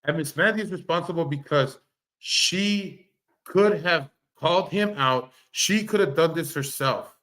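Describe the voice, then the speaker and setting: Heated, higher-pitched man ranting. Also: measured pace, a bit bright. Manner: heated, repetitive, swears freely, stammers and restarts. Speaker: livestream commentator. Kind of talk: ranting commentary on online drama.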